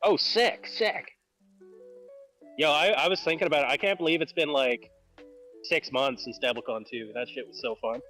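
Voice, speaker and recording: A man joining a friend's stream on a voice call, chatting excitably, swearing freely and saying "like" a lot. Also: medium pitch, a little fast, faint music behind, rough recording. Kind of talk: casual chat on a voice call.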